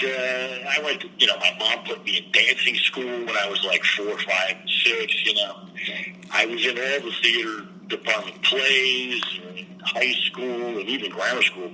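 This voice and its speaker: A man's voice: on the low side, bright, forceful tone, a little hiss or hum, low-quality recording. An older man from New Jersey, a guest entertainer, telling his story in a meandering way with many fillers and restarts. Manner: meandering, frequent fillers and restarts, clears throat. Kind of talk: rambling casual interview answers.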